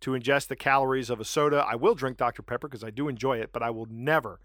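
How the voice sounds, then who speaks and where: A man co-hosting a podcast, chatting casually and telling stories with animated, self-mocking asides. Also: mid-range voice, fast talker, no room sound, clean studio sound. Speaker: podcast co-host. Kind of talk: casual chat.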